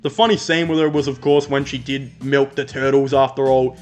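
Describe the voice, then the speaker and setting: A man's voice: medium pitch, steady tone, normal speed. Blunt, rambling Australian man. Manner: rambling and blunt, swears freely. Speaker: movie reviewer. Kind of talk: casual video review.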